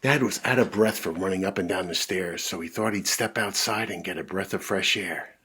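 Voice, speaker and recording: A man reading a children's picture book aloud, animated, with big voices and sound effects. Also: sits low, brisk, slightly rough. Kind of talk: read-aloud storytelling for kids.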